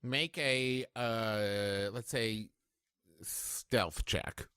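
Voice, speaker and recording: A man's voice: fairly low pitch, drawn-out words, fairly bright tone, smooth, dry recording, clean studio sound. A man running a tabletop role-playing game on a live stream, easygoing as he gives rulings. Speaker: game master.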